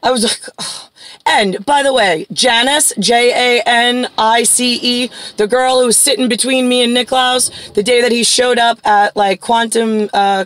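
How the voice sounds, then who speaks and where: A woman's voice: a little high, fairly bright tone, no room sound, low-quality recording. A woman in her forties from Long Island, talking in a rambling, profane monologue full of "like" fillers. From Long Island, New York.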